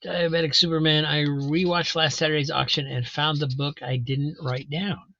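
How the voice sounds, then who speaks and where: Chatty comic auction host, a man with a bright, slightly high voice, close and dry. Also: level tone, normal speed, creaky, dry recording, muffled recording. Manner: casual, chatty, describes books as he goes. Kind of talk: live auction commentary.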